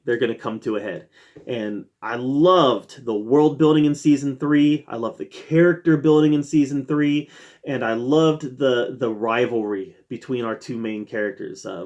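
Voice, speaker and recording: A man hosting his own review channel, ranking TV seasons in an eager, casual way, with many fillers and restarts. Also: medium pitch. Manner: enthusiastic, with frequent fillers and restarts.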